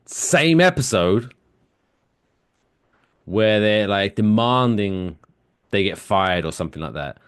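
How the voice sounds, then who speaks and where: A man's voice: on the low side, takes it slowly, long pauses, clean tone. A man co-hosting a podcast in casual chat, retelling favorite cartoon scenes and quoting them in funny voices. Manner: animated, quotes lines from cartoons in put-on voices. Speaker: podcast co-host.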